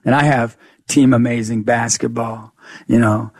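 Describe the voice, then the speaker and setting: A male motivational speaker with a gravelly, husky voice, telling stories with high energy. He jumps in pitch when acting out dialogue, recorded close and dry. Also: steady tone, a little slow, a little mellow, dry recording. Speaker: guest, youth motivational speaker. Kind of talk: animated storytelling interview.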